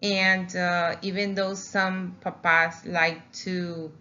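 A woman's voice: on the low side, little pitch movement, slow pace, pushed and bright, dull audio. A woman teaching a recorded Spanish lesson, patiently repeating words for emphasis. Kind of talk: recorded slideshow lecture.

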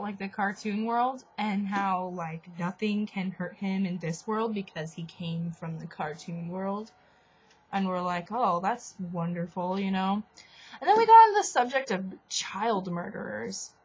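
Girl rambling thru a weird story, lots of "like" and giggles, mid-pitched voice, muffled lo-fi webcam sound. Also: breathy edge. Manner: rambling, filler-heavy, giggly. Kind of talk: casual storytelling.

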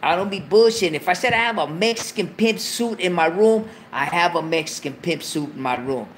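A man's voice: sits high, expressive, fairly quick, a little hiss or hum. A man hosting a late-night livestream, talking casually, full of slang and profanity and joking between laughs. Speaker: livestream host.

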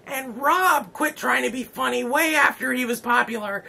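A man's voice: extremely high pitch, moderate pace, creaky, sharp tone. A man hosting a comedy vlog, giving a rambling, self-important farewell speech and then interviewing a guest. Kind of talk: mock-solemn comedy monologue.

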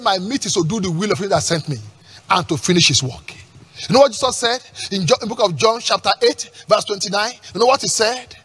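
Male pastor, high husky voice, lively swooping delivery; emphatic sermon with call-and-response and shouts. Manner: emphatic preaching with call-and-response questions and repeated words; breaks into shouts at peaks.

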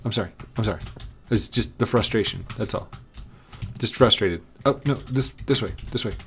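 A man's voice: fairly low pitch, moderate pace, a bit bright, slight background noise. A man giving casual commentary while playing a block-building game, coaxing an animal along with frustrated, repeated commands. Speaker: gaming video creator.

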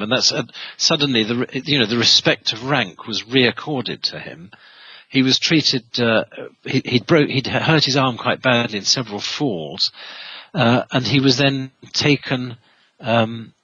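A man's voice: medium pitch, bright, forceful tone, slightly rough, no room sound, dull audio. A man answers an interview question, telling a long story with frequent fillers and restarts. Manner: rambling, many restarts and fillers. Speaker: historian guest.

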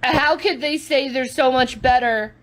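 A woman's voice: sits high, unhurried, fairly bright tone. A woman in a played clip, complaining earnestly in a preachy way.

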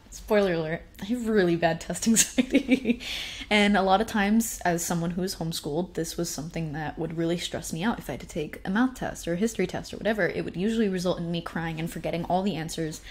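A young woman telling personal stories in a casual, animated way, laughing often and poking fun at herself. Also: fairly low pitch. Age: young adult. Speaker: speaker sharing personal stories. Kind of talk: casual storytelling talk.

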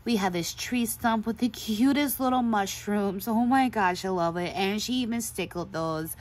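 A woman's voice: mid-range voice, moderate pace. A woman hosting a craft video, gushing in a casual show-and-tell chat and laughing often. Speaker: craft channel host.

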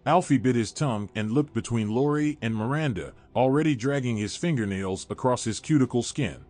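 A man narrating a horror story in a steady, measured way, his voice at an ordinary middle pitch. Soft background music plays faintly beneath the narration. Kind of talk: scripted narration.

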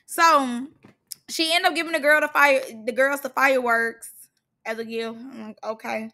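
A young woman with a high voice recaps a reality show at normal speed, sassy and shady. She's animated and mocks the cast members by imitating them in put-on voices.

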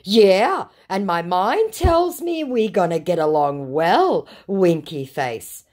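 A woman's voice: lowish voice, animated, takes it slowly, darkish tone, pitched above the performer's own voice. A woman reading out the messages of a smarmy male scammer pretending to be a celebrity, overeager and wheedling.

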